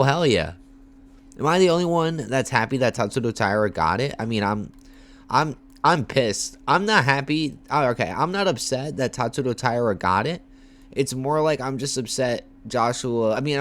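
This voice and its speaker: A young man livestreaming casual commentary, talking in hyped, repetitive bursts with slang and shout-outs to viewers. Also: medium pitch. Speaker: MMA livestreamer.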